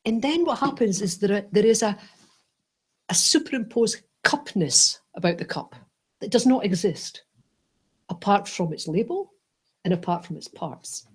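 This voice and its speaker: A woman teaching a Buddhist class, playful and animated, often checking in with "right?" and "yes?". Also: medium pitch, a little slow, husky.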